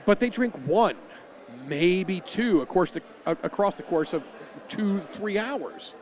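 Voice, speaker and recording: A man with a slightly high voice hosts a casual podcast, telling animated stories and chuckling often. He is sitting outdoors in a brewpub's beer garden, caught by a small camera on a miniature tripod. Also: unhurried. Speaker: podcast host. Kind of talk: casual chat.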